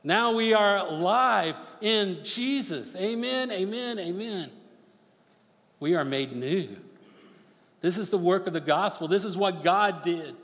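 A man's voice: high-pitched, animated, slow. Impassioned male preacher in a reverberant hall. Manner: impassioned preaching, rising to near-shouts then dropping to hushed storytelling. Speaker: pastor. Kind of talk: sermon. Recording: long reverb of a large hall.

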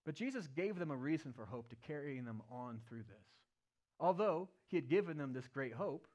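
A male pastor delivers a sermon to his church. He tells the story vividly. His voice climbs loud and high at key points and drops to a hushed murmur at others, from a middle-pitched baseline. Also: lively intonation, moderate pace. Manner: retells the story vividly, swinging from loud and raised to hushed and low. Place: church service.

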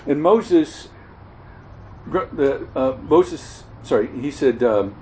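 A man preaching an expository sermon, earnest and halting, often repeating words and correcting himself mid-sentence. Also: fairly high pitch, animated, a little mellow, a little hiss or hum, poor audio. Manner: earnest expository teaching, stresses key words.

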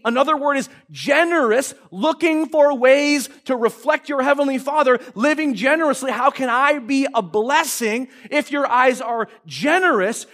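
A man in his forties preaching a sermon in a church, telling family stories in an animated way and acting out excited children in loud bursts. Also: very high voice. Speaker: pastor.

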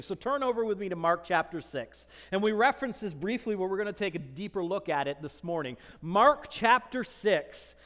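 High-voiced preacher in a reverberant hall. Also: male voice. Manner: animated preaching, acting out scripture dialogue. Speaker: pastor. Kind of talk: sermon.

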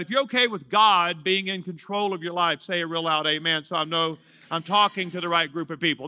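Bright, high-voiced preaching man in his fifties. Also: no echo, studio quality. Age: 50s. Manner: emphatic preaching, draws out key words, acts out dialogue. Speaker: pastor. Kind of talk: sermon.

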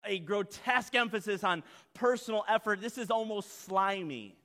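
Pastor type, male, high bright voice, dramatic sermon delivery in a reverberant hall. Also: normal speed, hardly any pauses. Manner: dramatic preaching, acts out quoted voices, swings loud to soft.

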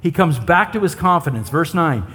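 A man preaches a sermon in a rather high voice, talking to his congregation as if in conversation. He keeps checking in with rhetorical questions. His voice rings out with the long reverb of a church hall. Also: expressive, normal speed, pushed and bright, breathy edge. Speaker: pastor.

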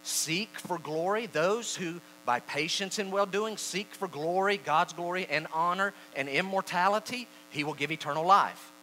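A man preaching a sermon, reading scripture slowly and acting out the quoted voices with animation. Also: high voice, pushed and bright, a little hiss or hum, rough recording. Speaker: pastor.

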